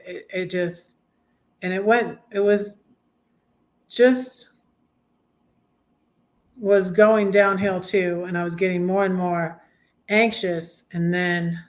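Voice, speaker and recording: A woman hosting a live stream, chatting casually and reading her own poetry, soft-spoken and often trailing off into a hushed murmur. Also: fairly low pitch. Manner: halting, with frequent restarts and trailing off.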